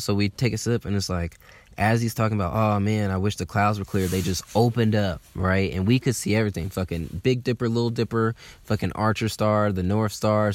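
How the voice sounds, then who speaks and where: A young man from telling a casual, animated story, swearing freely and using lots of fillers. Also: fairly low pitch, dry recording. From Atlanta, USA. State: slightly hungover.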